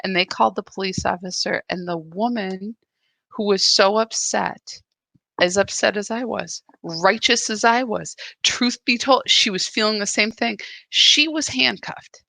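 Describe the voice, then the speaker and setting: A woman hosts a live spiritual practice and speaks in a confessional, searching way. Her delivery is unhurried and her voice has a bright, clear edge. The recording is dry and close, with no room sound. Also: mid-range voice, no echo. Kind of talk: live reflective spiritual talk.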